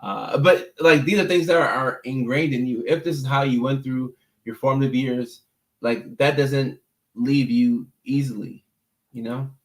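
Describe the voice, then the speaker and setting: An easygoing man talks casually on a livestream, reading and answering viewer comments. His voice sits at an ordinary middle pitch. He is chatty and often doubles back on a word as he works out what to say. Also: fairly even intonation, unhurried, echoey room. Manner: easygoing and talkative, repeats words while thinking. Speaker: mental health clinician hosting a livestream.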